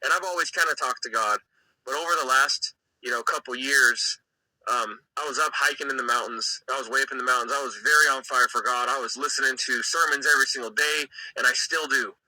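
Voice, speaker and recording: Earnest man with a bright voice. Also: mid-range voice, brisk, no echo, rough recording. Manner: earnest, emotional storytelling with fillers. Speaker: guest giving a testimony. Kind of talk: personal faith testimony, conversational.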